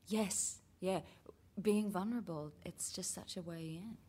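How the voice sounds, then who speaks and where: A woman's voice: fairly low pitch, unhurried, dark tone, breathy edge. A woman, a theatre writer, talking frankly and thoughtfully in casual chat, with some swearing.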